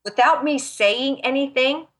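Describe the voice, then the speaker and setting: A woman's voice: high-pitched, a little slow, fairly bright tone. Woman guest, fervent faith testimony, emphatic and emotional. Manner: passionate, emphatic, near tears. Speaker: talk show guest.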